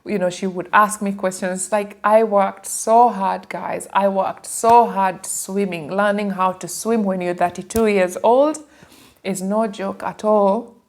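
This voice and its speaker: A woman's voice: medium pitch, a little slow. A woman in her thirties from Kenya with a Kenyan accent, telling her life story in a casual, emotional way to her viewers. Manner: animated, emotional, addresses viewers as guys.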